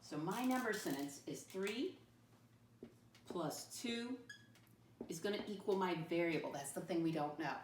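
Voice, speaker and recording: Woman teacher, animated sing-song delivery for small kids, recorded roomy and off-mic. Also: fairly low pitch, slight background noise. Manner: sing-song, slow and deliberate, spells words out. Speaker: first grade teacher. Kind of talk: classroom lesson to young children. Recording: roomy classroom, mic at a distance.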